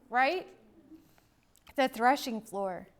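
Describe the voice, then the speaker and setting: A middle-aged woman teaching a Bible sermon, emphatic, swinging between loud declarations and hushed lines. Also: sits high.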